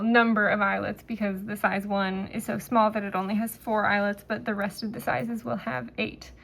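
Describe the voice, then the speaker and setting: A woman teaching a knitting pattern step by step, talking in a relaxed way with fillers and pauses as she works. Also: on the high side. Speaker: knitting instructor. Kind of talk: step-by-step craft tutorial.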